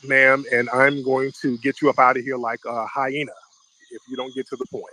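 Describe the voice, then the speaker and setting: A man's voice: medium pitch, level tone, fairly quick, sharp tone, low-quality recording. A man hosting an online audio show, roasting a caller in a mock-formal way and calling her ma'am.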